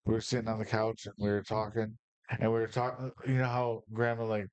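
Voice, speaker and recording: A man's voice: lowish voice, flat delivery, brisk, no echo. A man from Michigan telling rambling personal stories on a casual podcast, profane and fired up. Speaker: podcast host. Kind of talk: casual storytelling.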